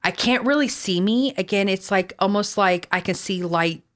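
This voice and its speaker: A woman's voice: mid-range voice, moderate pace. A woman from Texas with a Texan accent, telling personal stories as a podcast co-host. She talks in a chatty, rambling way and swears freely. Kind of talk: casual podcast storytelling.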